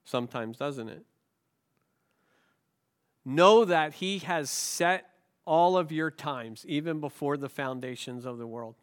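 A man's voice: fairly high pitch, slow, long pauses. A male pastor with a cold, preaching a sermon with rhetorical questions and self-deprecating jokes. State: has a cold.

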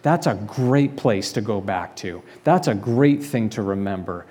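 Mellow-voiced male pastor preaching. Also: fairly low pitch, animated, measured pace. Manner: conversational, explanatory preaching with rhetorical questions. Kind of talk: sermon. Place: church sanctuary.

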